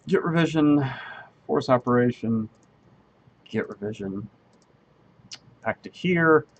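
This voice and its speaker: With a mid-range, animated voice and a slow pace, a man streams himself programming; the sound is lo-fi with slight background noise. The game engineer rambles as he thinks aloud, dropping ums and unfinished sentences, answering chat readers in a friendly, self-deprecating manner.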